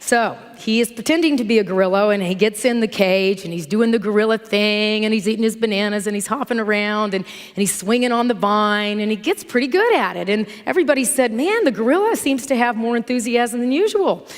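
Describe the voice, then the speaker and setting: A middle-aged woman preaches in an easy, conversational voice at a middle pitch. She tells stories with animation. Her voice rings with the long reverb of a church sanctuary. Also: a little fast, hardly any pauses. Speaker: minister. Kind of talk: sermon with storytelling.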